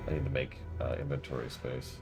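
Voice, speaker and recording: A man's voice: very deep voice, completely flat delivery, a little fast, creaky, over loud music. A man casually playing through a game on stream, chatting and muttering to himself as he reads the dialogue aloud.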